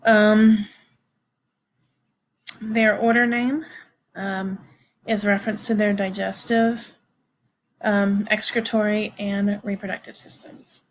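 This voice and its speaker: Slow, hesitant woman lecturing biology. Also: medium pitch, little pitch movement, poor audio. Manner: halting, many fillers and restarts; informal, addresses students directly. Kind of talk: recorded classroom lecture.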